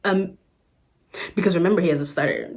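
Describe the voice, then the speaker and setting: A woman's voice: on the low side, a little fast. A woman vlogger telling a story in a casual chat, sassy and exasperated, recorded on a phone camera.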